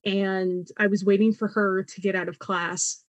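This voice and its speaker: A woman's voice: medium pitch, measured pace, no room sound. A young woman, a podcast guest, telling a personal story with lots of laughter and acted-out voices. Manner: animated, laughs often, acts out quoted voices.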